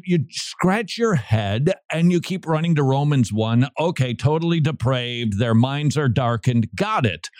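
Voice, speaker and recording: Guy hosting talk radio, quick and teasing, dry close mic sound. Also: mid-range voice, a little mellow, no room sound. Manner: playful, teasing, quick-talking. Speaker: radio host.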